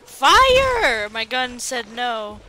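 Female streamer, bright tone, unhurried and giggly, game music behind. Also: a little high, big pitch swings, slight background noise. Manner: giggly, soft-spoken. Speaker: gamer host. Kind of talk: casual gameplay chat.

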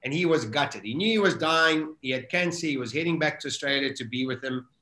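A man's voice: a little high, fairly quick, echoey room. A middle-aged South African man vividly retelling a survival story as an interview guest. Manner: vivid, animated retelling with acted-out self-talk.

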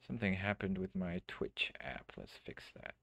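A deep, low-pitched man rambles through a live game stream, thinking aloud and restarting his sentences often. His voice is close and dry, with no room sound around it. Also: animated, normal speed, vocal fry, fairly bright tone, breathy edge, no room sound. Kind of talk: casual let's-play commentary. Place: home streaming setup.

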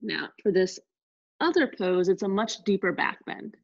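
A woman teaching a live online yoga class, giving calm step-by-step cues between sighs and exhales. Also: medium pitch, moderate pace, vocal fry, lo-fi sound. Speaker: yoga instructor.

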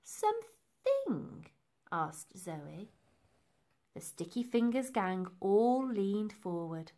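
A woman reading a children's book aloud, expressive and unhurried. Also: mid-range voice. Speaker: reader. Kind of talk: storybook read-aloud.

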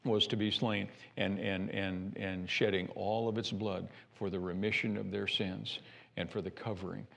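Gravelly-voiced preaching pastor. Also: male voice, fairly low pitch. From United States. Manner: animated preaching with repeated restarts. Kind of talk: sermon. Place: church sanctuary.

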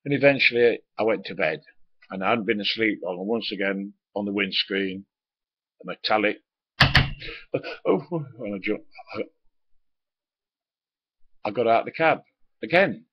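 A low, husky-voiced Englishman rambles through an old story from his trucking days. He drops in casual swearing and plenty of hesitations. The sound is dry and a little dull, as if recorded on a lo-fi mic. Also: lively intonation, measured pace, long pauses, no echo. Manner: swears casually, many ums and asides. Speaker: former truck driver. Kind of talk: rambling spoken anecdote.

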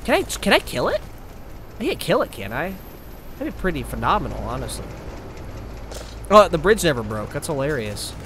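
Male gaming YouTuber, high and bright voice, panicky outbursts between muttered asides, at a desk mic. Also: normal speed, pauses often, a little hiss or hum. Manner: excitable, yelps and panics, then mutters to himself. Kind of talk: let's play commentary.

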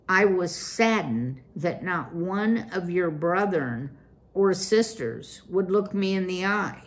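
A woman's voice: on the low side, lively intonation, takes it slowly. A woman voicing a pompous, fussy father mouse who speaks formally and grandly. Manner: formal, grand-sounding and self-important.

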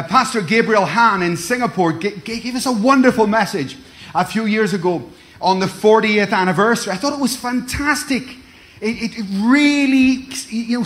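A middle-aged pastor preaches a sermon in a high-pitched, fairly bright voice. He calls out to the congregation in call-and-response style, repeating words and stumbling over restarts as he goes.

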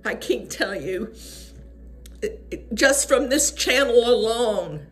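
A woman's voice: fairly high pitch, lively intonation, slow. A woman giving a fervent prophetic devotional message, repeating her key phrases for emphasis. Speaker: online devotional speaker.

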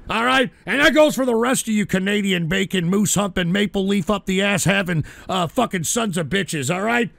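High, gravelly man ranting as host. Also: moderate pace, hardly any pauses, dry recording. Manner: profane, blunt, erupts into shouting. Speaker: host of a call-in politics show. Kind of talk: casual livestream rant.

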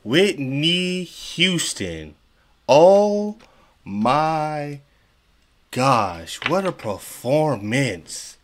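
Hosting a reaction channel, a man with a slightly high voice talks extremely slowly. He chats casually and exclaims as he watches, animated and laughing along while a little out of breath.

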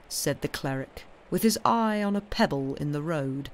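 A woman reading a classic short story aloud in a measured storytelling manner, lifting her voice for the characters' speech. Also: deep voice, expressive, a little hiss or hum. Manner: measured storytelling, voicing characters' lines with raised, livelier delivery. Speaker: audiobook reader. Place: home streaming setup.

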